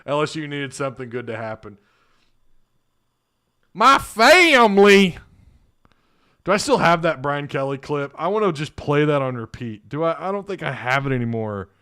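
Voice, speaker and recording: Man, stream host, chatty, laughs often, smooth voice, dry close sound. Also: mid-range voice, expressive, a little fast, few pauses, a bit bright, no echo. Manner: laughing, joking, thinking aloud. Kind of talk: casual live stream chat reading comments.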